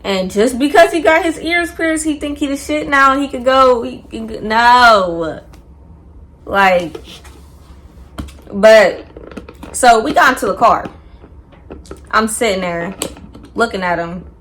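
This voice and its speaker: Animated young woman telling a storytime. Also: on the high side, slow pace, pauses often, slight background noise. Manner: animated, slangy, acts out quotes. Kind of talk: casual storytime.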